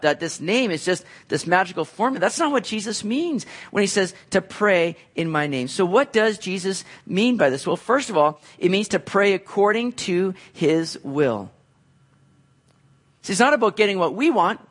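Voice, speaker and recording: A man's voice: high-pitched, a bit bright. A man preaching a sermon as pastor, explaining scripture in a conversational way and acting out quoted voices.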